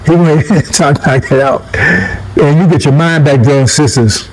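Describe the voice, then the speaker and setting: A man with a high-pitched voice preaching in a loose, conversational way. He repeats his points, chuckles between them and keeps asking listeners "right?". A faint hum of noise sits under the recording. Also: normal speed, darkish tone, poor audio. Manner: conversational, repeats himself, asks the audience "right?". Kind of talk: casual street sermon.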